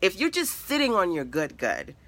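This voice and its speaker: A woman's voice: lowish voice, huge pitch swings, normal speed, a bit bright, dry recording. A middle-aged woman, a web designer and mentor, giving a motivational live-stream talk with emphatic, repetitive lists.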